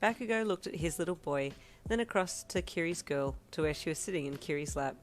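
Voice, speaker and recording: A woman reading fan fiction aloud in a calm storytelling manner. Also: sits low, brisk, soft background music. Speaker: reader.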